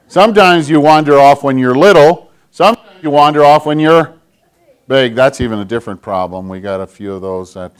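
A man giving a children's sermon as pastor, in a gentle, conversational way, often clearing his throat. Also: medium pitch.

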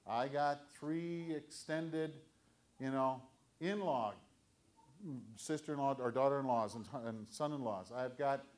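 A man's voice: mid-range voice, unhurried, darkish tone. An older man, a pastor, preaching an earnest, conversational sermon to his congregation.

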